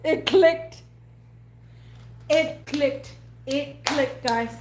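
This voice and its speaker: Chatty, high-voiced woman vlogger. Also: measured pace. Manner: animated, chatty, acts out scenes. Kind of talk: casual storytelling to camera. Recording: echoey room with faint hum.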